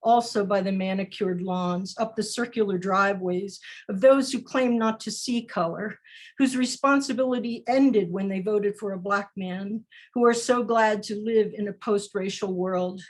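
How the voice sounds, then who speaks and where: A woman poet reading her poems aloud over a video call in a slow, deliberate recitation with measured pauses. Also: mid-range voice. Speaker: featured poet. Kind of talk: poetry reading.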